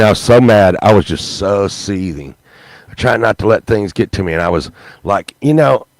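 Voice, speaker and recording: A man telling a profane, animated story on a podcast, acting out what people said. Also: low voice, no room sound, low-quality recording. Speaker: podcast host. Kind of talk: storytelling, casual chat.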